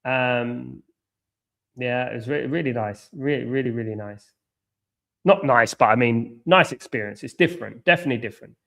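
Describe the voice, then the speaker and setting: A man's voice: medium pitch, moderate pace, gravelly, a bit bright. An English man with an English accent chats casually as host of a live football watchalong. He rambles and restarts sentences often, leaning on ums and repeating the same phrase a few times over. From England. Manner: rambling, repeats himself, many fillers and restarts. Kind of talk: casual live chat reacting to a match and reading comments.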